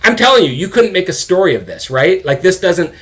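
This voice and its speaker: Middle-aged man, interview guest, candid and animated storyteller. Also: high voice, brisk. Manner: animated, swears, quotes people in their own voices. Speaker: guest, father of an addicted son.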